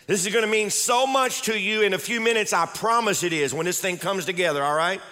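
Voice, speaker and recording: A male pastor with a high, sharp voice preaches a sermon at a brisk clip. His delivery is emphatic, with key words repeated and calls for the congregation to respond.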